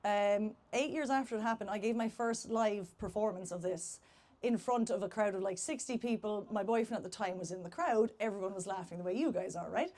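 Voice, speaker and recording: A woman's voice: medium pitch, a little fast, darkish tone. A young Irish woman with an Irish accent, telling a comic dating story live on stage in a chatty, self-deprecating way. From Ireland.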